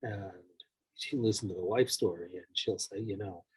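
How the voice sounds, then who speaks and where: In a low, husky voice at normal speed, captured on a rough recording, a male therapist walks through personality types with examples. His talk is casual and peppered with "like" and "you know," and now and then he acts out the people in his examples.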